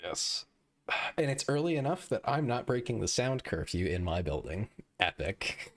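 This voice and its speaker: A man's voice: fairly low pitch, sing-song, moderate pace. A young man streaming live, chatting casually with viewers in a joking, self-deprecating way.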